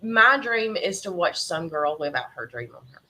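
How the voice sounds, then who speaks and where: A middle-aged Southern woman talks in a bright, ringing voice, telling warm, emotional stories as a podcast guest. Her delivery is lively and heartfelt, often breaking into laughter. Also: fairly low pitch, normal speed. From Tennessee. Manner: emotional, animated storyteller who laughs often. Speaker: podcast guest, horse breeder. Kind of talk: casual interview chat.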